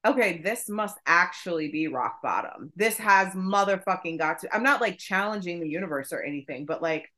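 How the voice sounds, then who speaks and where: A woman co-hosting a podcast, telling a story in casual chat, profane and animated. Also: lowish voice, normal speed, few pauses. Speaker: podcast co-host.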